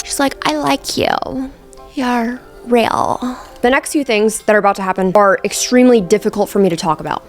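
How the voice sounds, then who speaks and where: A woman in her twenties giving a casual, joking film recap full of swearing and asides. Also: mid-range voice. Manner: chatty, profane, joking asides. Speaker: vlogger. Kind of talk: casual movie recap commentary.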